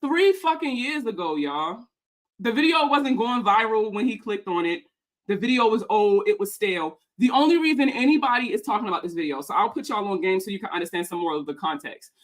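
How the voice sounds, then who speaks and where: Her mid-range voice is very animated as this personal finance content creator tears into a video about her. She talks fast, swears freely, and is heated, sarcastic and mocking throughout.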